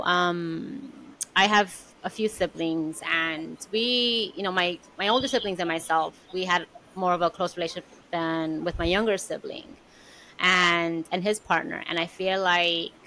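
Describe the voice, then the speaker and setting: A woman co-hosting a podcast, talking in a reflective, casual way with many pauses and fillers. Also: fairly low pitch, bright, forceful tone, rough recording. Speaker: podcast co-host. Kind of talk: casual conversation.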